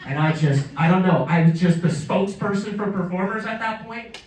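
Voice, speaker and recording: Animated man telling stand-up stories. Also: brisk, distant mic. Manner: animated, acts out characters with pitch jumps. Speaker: stand-up comedian. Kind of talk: stand-up storytelling. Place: comedy show in a museum hall. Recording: roomy live venue, mic heard from afar.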